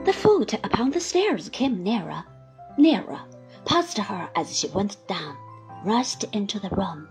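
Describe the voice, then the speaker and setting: Expressive woman reading a novel aloud. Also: mid-range voice, measured pace, soft background music. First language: Chinese. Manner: dramatic, swings between loud and whispered delivery. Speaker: audiobook reader.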